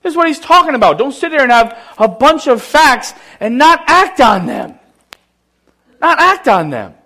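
A pastor with a high-pitched male voice delivering a sermon in a casual, conversational way. He leans into his points with emphasis and talks to the congregation like friends. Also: lively intonation, moderate pace, bright, forceful tone. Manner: conversational, emphatic, laughs often.

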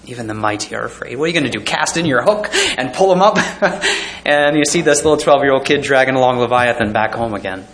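A man's voice: medium pitch, fairly quick, a bit bright, a little hiss or hum. A man preaching a sermon, reading scripture aloud and chuckling often as he pictures the scenes. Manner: hesitant fillers and restarts. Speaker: pastor.

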